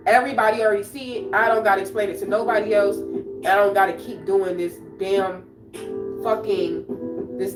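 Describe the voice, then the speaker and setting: A woman talks on her livestream in a raw, confrontational way, circling back over the same phrases. Her voice sits at an ordinary middle pitch and comes from some distance off the mic. The room rings with echo, and clear music plays underneath. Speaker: poet and livestream host. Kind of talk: emotional livestream monologue.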